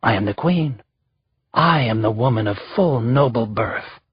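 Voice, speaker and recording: A man's voice: medium pitch, expressive, measured pace, breathy edge, no echo, muffled recording. A man voicing a proud, wounded young queen.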